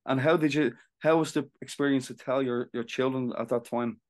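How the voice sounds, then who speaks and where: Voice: medium pitch, steady tone, moderate pace, a little mellow. A podcast host interviewing a guest, often giving short encouraging acknowledgements and asking questions. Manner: supportive, frequent short acknowledgements. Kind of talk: casual interview.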